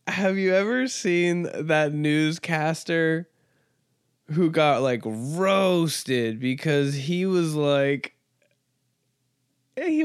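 A man's voice: high voice, clear, resonant tone, no room sound, clean studio sound. A man hosting a comedy podcast, talking casually in a rambling, crude, joking way with lots of fillers. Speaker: podcast host.

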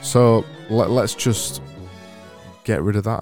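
A man's voice: lowish voice, slow pace, a little mellow, no echo, faint music behind. A man hosting a casual solo podcast, reading out listener messages with dry, self-mocking humour. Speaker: podcast host.

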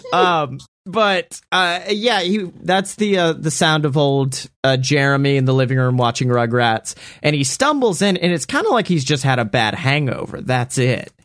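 A man casually making up a story out loud, rambling, laughing and swearing often. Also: fairly high pitch, animated, measured pace, no room sound, studio quality. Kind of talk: casual improvised story brainstorming.

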